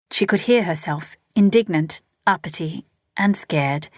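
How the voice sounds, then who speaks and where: A woman narrating a novel in a steady storytelling read. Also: on the low side, measured pace, no room sound, studio quality. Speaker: audiobook narrator. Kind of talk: scripted narration.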